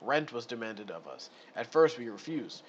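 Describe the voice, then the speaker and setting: A grave, formal elderly villager speaks in stiff, measured sentences, read by a man in his own mid-pitched voice. The sound is a touch muffled, with a faint hiss behind it. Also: sing-song, lightly acted. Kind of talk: reading adventure module dialogue.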